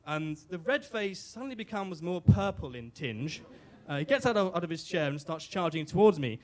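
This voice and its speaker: A British man with a fairly high voice tells a story live on stage into a microphone. His delivery is wry and self-mocking, full of little restarts and fillers. He lets the absurd bits land with dry understatement. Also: sing-song, normal speed, few pauses. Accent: British English. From Britain.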